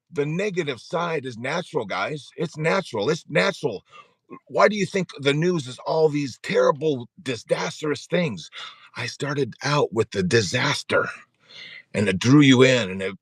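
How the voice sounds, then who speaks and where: A man's voice: a little high, fairly bright tone, breathy edge, no echo, studio quality. A man in his forties hosting a live-streamed support group talk, speaking earnestly and repeating his points, often chuckling.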